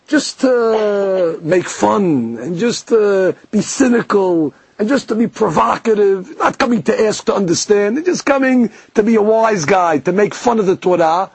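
A man giving a lively Torah lesson, explaining verses, quoting Hebrew phrases and often repeating words. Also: sits high, vocal fry, slightly rough, dry recording.

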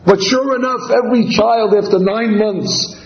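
A man's voice: high voice, a little slow. A man teaching a Torah class, telling a story and animatedly acting out its dialogue. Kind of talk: storytelling lecture. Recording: echoey, slightly dull recording.

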